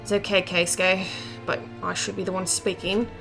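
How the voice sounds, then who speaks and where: A woman reading the lines of a cold, commanding male director from a game, in calm, clipped orders. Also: mid-range voice, normal speed, gravelly, soft background music. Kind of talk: reading game dialogue aloud.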